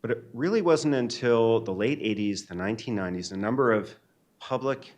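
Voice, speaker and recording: A man, a neuroanesthesiologist, giving a keynote lecture in a measured, earnest and reflective way. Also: medium pitch. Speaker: keynote speaker. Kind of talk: academic lecture. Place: lecture hall.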